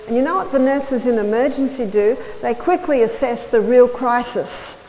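Casting: higher-pitched woman lecturer, storytelling with repeated phrases, long hall echo. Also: normal speed, darkish tone. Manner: storytelling, emphatic repetition. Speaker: health lecturer. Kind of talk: health lecture to an audience. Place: large hall or church. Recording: reverberant hall with faint noise.

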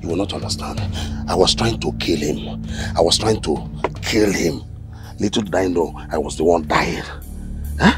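A man's voice: low voice, normal speed, music in the background, natural voice. An actor with a Nigerian accent playing a vengeful middle-aged man who threatens his nephew in a film drama. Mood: shaken. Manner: menacing, threatening.

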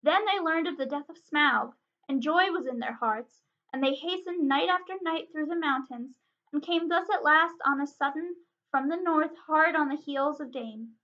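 A woman librarian reading a chapter book aloud in an expressive, dramatic way. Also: high-pitched, normal speed. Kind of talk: storybook read-aloud. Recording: dull lo-fi recording.

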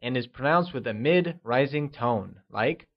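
A man narrating a scripted language lesson, modelling words slowly for the listener to repeat. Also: mid-range voice, lively intonation, highs cut off. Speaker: language teacher.

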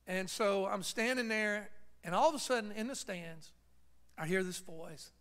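Pastor, male, high bright voice, storytelling sermon that builds to fervent preaching. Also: moderate pace. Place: church.

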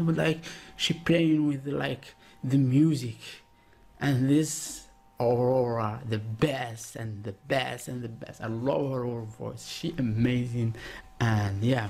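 A man from Algeria with an Algerian accent, a native Arabic speaker, giving excitable reaction commentary in broken English full of "like". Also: mid-range voice, gravelly. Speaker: reaction video host. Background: song playing.

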